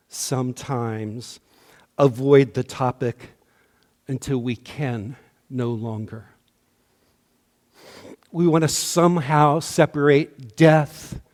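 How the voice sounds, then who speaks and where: A man delivering a sermon as minister, slow and measured, his voice often dropping to a hush at the ends of lines. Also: mid-range voice, in a large hall. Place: church sanctuary.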